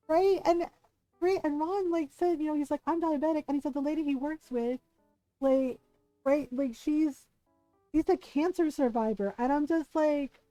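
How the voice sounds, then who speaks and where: A woman streamer chatting casually, ranting in an animated way and swearing a lot. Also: sits high, moderate pace, no echo, faint music behind, low-quality recording. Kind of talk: casual chat.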